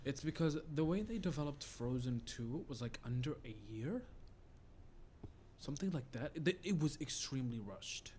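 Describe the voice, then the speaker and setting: A man's voice: mid-range voice, animated, a little mellow, a little hiss or hum. A man from Qatar hosting a casual podcast chat, who eagerly jumps in with questions. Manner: eager, quick to jump in with questions.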